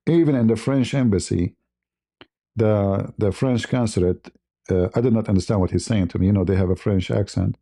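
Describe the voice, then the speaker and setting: A man's voice: fairly low pitch, moderate pace, vocal fry, warm tone. A man from the Middle East, a channel host, telling a story on a livestream in broken conversational English and chuckling often.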